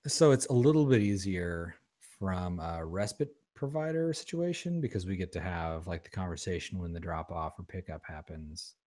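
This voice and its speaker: A man with a very low voice talks on a podcast in easy conversation. He explains his point in a slow, measured way. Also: expressive, a little mellow. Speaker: podcast co-host. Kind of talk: casual chat.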